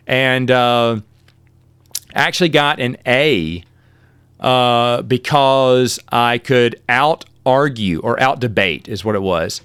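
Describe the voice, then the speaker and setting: A man's voice: mid-range voice, slow pace, a bit bright, clear, resonant tone, no echo. Middle aged guy rambling thru college stories on his podcast, trips over words, dead dry room. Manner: rambling, self-correcting, quotes others in shifted voices. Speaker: podcast host. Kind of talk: casual solo storytelling.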